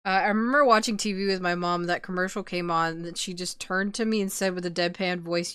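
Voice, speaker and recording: A woman's voice: fairly low pitch, steady tone, fairly quick, few pauses, a bit bright, clear, resonant tone, no echo. A young woman streaming, chatting casually with viewers, laughing often and swearing freely. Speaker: VTuber streamer. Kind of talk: casual chat reading viewer messages.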